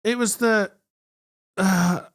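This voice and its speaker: A man's voice: high voice, takes it slowly. A man co-hosting a podcast, chatting casually and enthusiastically about a TV episode. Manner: enthusiastic, animated storytelling. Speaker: podcast co-host. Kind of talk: casual chat.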